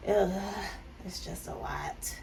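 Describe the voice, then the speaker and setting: A woman's voice: fairly low pitch, slow pace, vocal fry, darkish tone. A woman in her thirties from California, chatting candidly while doing her makeup and calling her viewers "child", "baby" and "honey". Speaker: vlogger and clothing brand owner. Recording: slightly distant mic with faint background noise.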